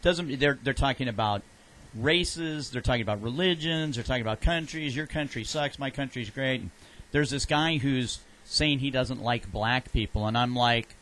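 A man's voice: mid-range voice, a bit bright, rough recording. Rambling storytelling man hosting radio. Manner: rambling storyteller, quick asides and restarts. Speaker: radio show host. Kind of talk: casual radio chat.

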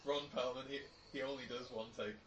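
A man's voice: mid-range voice, fairly even intonation, brisk, lo-fi sound, a crowd in the background. Young man, jokey co-commentator, recorded distantly in a reverberant room. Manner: playful, jokey remarks. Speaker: co-host of a film commentary. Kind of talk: casual movie-watching banter. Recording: echoey room, mic far off.

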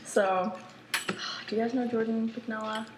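A woman's voice: fairly high pitch, fairly even intonation, measured pace, roomy sound, heavy background noise. A tired young woman chatting eagerly with friends after little sleep. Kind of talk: casual chat among friends.

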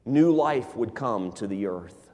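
Animated male pastor in an echoing hall. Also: on the low side, slow. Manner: animated storyteller, acts out scenes. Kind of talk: sermon. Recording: long hall reverb.

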